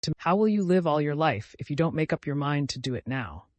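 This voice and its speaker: A man's voice: fairly high pitch, expressive, fairly quick, no echo, close to an everyday voice. A man voicing an earnest young man in an audiobook who urges and pleads with firm emphasis. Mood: urging. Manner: emphatic, urging. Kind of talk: audiobook character reading.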